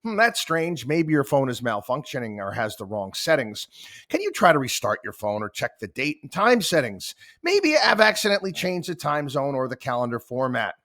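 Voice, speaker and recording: A man's voice: medium pitch, very animated, moderate pace, fairly bright tone. A man voicing an insistent AI chatbot that grows stiff, self-assured and scolding. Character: insistent, prickly AI chatbot, male-voiced.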